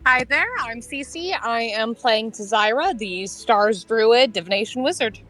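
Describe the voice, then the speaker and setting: A woman player at a tabletop game on an online call, friendly and brief in her remarks, with a measured delivery. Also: on the high side, animated, a bit bright, faint music behind. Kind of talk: casual chat at a tabletop game.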